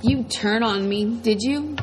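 A woman's voice: fairly high pitch, slow pace, slight background noise, rough recording. A woman reading a menacing ex-convict preacher. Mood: threatening.

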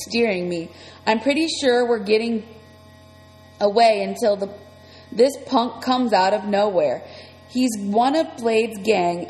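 A woman reading a first-person children's story aloud in a lively, breathless way. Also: a little high. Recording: long reverb, faint music.

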